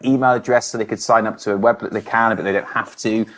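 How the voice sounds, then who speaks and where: A man's voice: fairly low pitch, fairly even intonation, fast, a bit bright. Wordy, self-mocking man. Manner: wordy, self-deprecating, rambling with fillers. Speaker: podcast co-host, musician. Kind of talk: casual chat.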